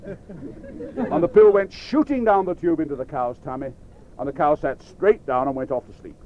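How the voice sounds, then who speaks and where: A man telling a children's story to a live audience, lively and playful, talking straight to his listeners. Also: on the high side, normal speed, muffled recording.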